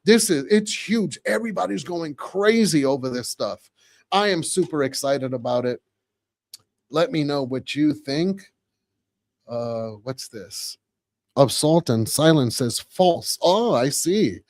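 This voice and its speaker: A man in his forties hosting a podcast live, chatting casually with viewers, reading comments and repeating phrases excitedly. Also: on the high side, slow pace, dry recording. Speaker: podcast host.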